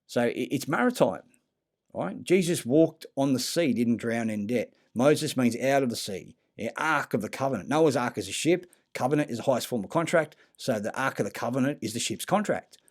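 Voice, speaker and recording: Brief: man, mid-pitched, rambling conspiracy monologue, swears a lot, stumbles and restarts. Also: expressive. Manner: profane, halting, many fillers and restarts. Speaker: conspiracy talker.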